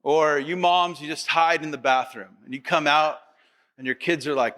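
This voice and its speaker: High-voiced bright preaching man. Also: fairly even intonation, normal speed. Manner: acts out quoted voices of the congregation; repetitive, rhetorical questions to the audience. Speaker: pastor. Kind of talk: sermon.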